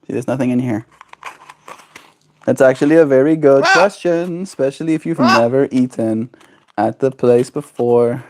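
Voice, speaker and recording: A man livestreaming at home. He chats casually with his viewers and talks baby talk to his pet birds in a high, cooing voice. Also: moderate pace, noisy background.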